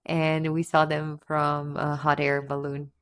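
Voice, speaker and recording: In a relaxed interview, a North Macedonian English teacher in her twenties speaks as a guest, gushing with enthusiasm, laughing frequently, and exclaiming "oh my God." Yet her low-pitched voice comes out completely flat and a little slow.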